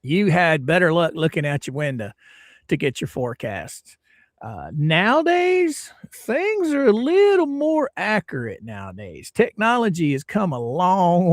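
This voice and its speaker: A middle-aged man from Florida, hosting a casual livestream and greeting his viewers in a folksy, drawn-out way. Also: a little high, no echo, studio quality. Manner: folksy, drawn-out greetings, lively ups and downs. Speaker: livestream host.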